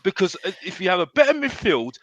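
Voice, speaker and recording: Guy hosting a late night football chat, high voice that jumps all over, ranting and tripping over his words, dry sound. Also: sing-song, quick pace, dry recording, highs cut off. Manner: fired-up ranting with many restarts. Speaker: host. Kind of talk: heated live football fan chat.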